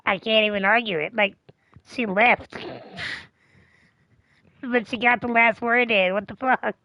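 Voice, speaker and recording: A woman streamer chatting casually, telling a rambling, profane, animated story. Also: fairly high pitch, clean tone, no echo, highs cut off. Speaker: game streamer. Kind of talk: casual chat.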